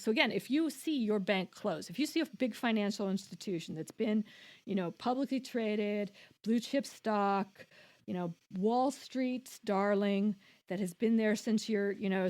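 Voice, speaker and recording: A woman co-hosting a podcast, explaining things at length in casual chat, with many restarts and quoted voices. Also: medium pitch. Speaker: podcast co-host.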